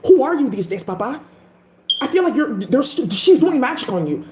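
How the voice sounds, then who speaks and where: A woman's voice: sits high, very animated, normal speed, roomy sound, noisy background. A woman voicing a worried young man who pleads with his father, anxious and earnest.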